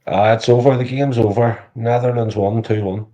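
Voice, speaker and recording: A man's voice: medium pitch, steady tone, normal speed, mellow, lo-fi sound. A man chatting casually on a livestream, crude and joking, swearing freely. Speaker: livestream co-host. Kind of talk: casual live chat.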